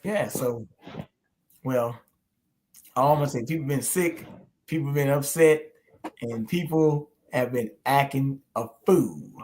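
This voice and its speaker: Casting: middle-aged male host, relaxed storyteller, drawling, mid-pitched. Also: measured pace, pauses often. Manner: laid-back, storytelling, laughs often, drawls. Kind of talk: casual chat.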